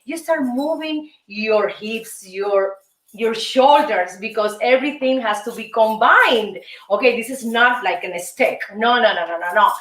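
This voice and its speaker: A woman's voice: fairly high pitch, a little slow, a bit bright, roomy sound, distant mic, rough recording. A woman from Cuba with a Cuban Spanish accent teaches a salsa dance lesson as host, counting beats and chanting rhythms.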